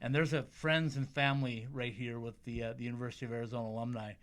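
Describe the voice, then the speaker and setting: A man's voice: medium pitch, level tone, quick pace, a bit bright. A man hosting an interview, telling stories in a chatty way with repeated words as he starts. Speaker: interviewer and host. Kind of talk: conversational interview.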